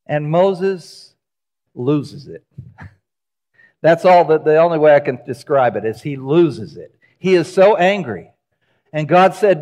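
A man preaching a sermon in a church, telling the story with lively acted-out voices. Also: on the high side, unhurried, highs cut off. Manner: animated storytelling, acting out quoted voices. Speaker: pastor. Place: church sanctuary.

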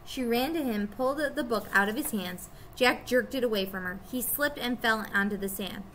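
A woman teacher reading a children's chapter book aloud to her students, expressive and storytelling. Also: a little high, moderate pace, a little hiss or hum.

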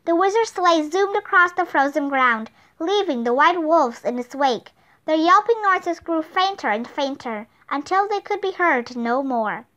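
Bright, high-voiced woman reading a storybook. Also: animated, unhurried. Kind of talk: children's book read-aloud.

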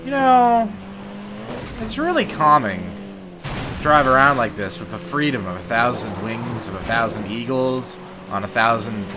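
A man doing comedic gameplay commentary, rambling deadpan jokes broken by sudden loud shouts. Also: medium pitch, noisy background. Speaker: gaming video host. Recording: loud racing game sound over voice.

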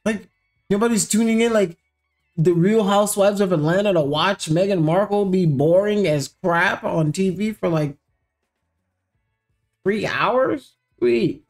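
A man's voice: high voice, normal speed, a little mellow. A man hosting a commentary show, mocking and sarcastic, mixing slang with asides, with faint music behind. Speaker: show host.

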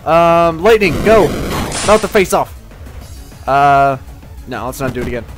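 A man casually commenting on his gameplay, rambling and excitable, swearing at enemies. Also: on the high side, unhurried. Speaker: gaming channel host. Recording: faint game music behind. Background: game music.

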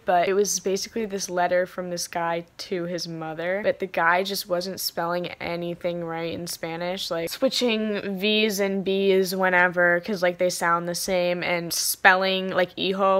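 A woman's voice: lowish voice, a bit bright. A teenage girl vlogging casually, rambling and swearing, sometimes anxious. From United States. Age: teens. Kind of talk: casual vlog.

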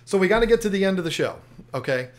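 A man's voice: sits high, animated, very fast. A man hosting an aquarium channel, telling a story in casual chat, often restarting and repeating himself.

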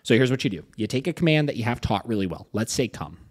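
A male dog trainer explaining his methods in casual podcast talk. His pitch moves up and down a lot. He speaks emphatically and keeps checking in with "right?". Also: sing-song, fast.

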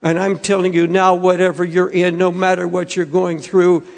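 An older male pastor preaching a sermon in an earnest, pleading way, with quiet, halting passages. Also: high voice, little pitch movement, gravelly, long reverb tail.

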